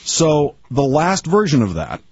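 A man from the Boston area tells self-mocking stories and laughs often along the way. His pitch rises and falls a great deal as he talks. The radio audio is dull and lo-fi, with faint noise under it. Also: huge pitch swings, measured pace. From Dorchester, Boston area. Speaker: broadcaster. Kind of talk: casual chat.

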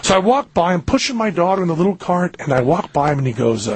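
Animated, raspy radio storyteller man. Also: fast, dry recording. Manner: animated storyteller, jumps into a high squeaky voice for his own lines. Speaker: radio show host.

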